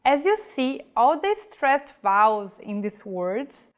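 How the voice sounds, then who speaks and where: A woman teaching a scripted pronunciation lesson, reading example words slowly and carefully. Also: sits high, sing-song, smooth. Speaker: language teacher.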